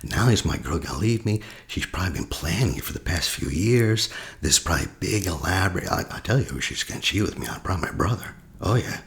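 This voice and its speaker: A man's voice: deep voice, expressive, fast, a bit bright, pitched above the performer's own voice. A man acting out an anxious, jealous man who spirals into worry, in a sarcastic, exaggerated way.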